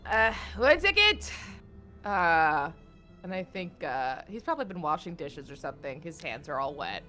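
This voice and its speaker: A woman playing a character in a tabletop game, loud, playful and quick to laugh and swear. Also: low-pitched, sing-song, faint music behind. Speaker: player.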